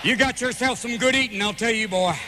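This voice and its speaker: A man in his forties performing live stand-up comedy in a large venue, manic and rapid-fire, jumping between voices. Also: extremely high pitch, background noise. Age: 40s.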